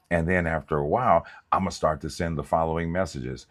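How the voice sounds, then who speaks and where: A man with a very low, husky voice preaches like he's telling stories to friends. He is animated and colloquial, and he drifts into comic asides. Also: a little fast, few pauses. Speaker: pastor.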